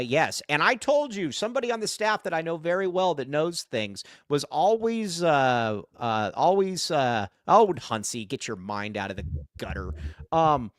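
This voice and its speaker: A man co-hosting a casual sports podcast livestream, talking in an excitable way and reading viewer comments aloud. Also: fairly high pitch, dry recording, clean studio sound. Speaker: podcast co-host.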